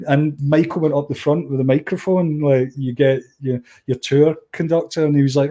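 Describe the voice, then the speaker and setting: A man's voice: fairly high pitch, a little fast, hardly any pauses. A middle-aged Scottish man, a musician and DJ, telling anecdotes as an interview guest and acting out the people in his stories. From Scotland. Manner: animated anecdote-telling, acts out quoted voices, frequent restarts. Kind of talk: conversational storytelling.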